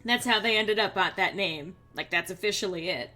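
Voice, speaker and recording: A woman streamer talking casually over a video game at her desk microphone. Her voice sits at a medium pitch, and her remarks are chatty and sardonic. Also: normal speed, bright, forceful tone, faint music behind. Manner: chatty and sardonic, laughing often. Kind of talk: casual gameplay commentary.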